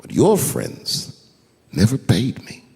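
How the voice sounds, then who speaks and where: A man voicing a calm old mobster who speaks slowly with quiet menace, in a hall with long reverb. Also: fairly low pitch, vocal fry, husky, voice pushed down, full character voice.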